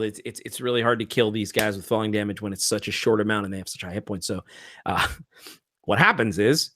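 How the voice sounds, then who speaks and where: A man's voice: medium pitch, fairly bright tone, no room sound. Male game master, casual narration, laughs often, dry close sound.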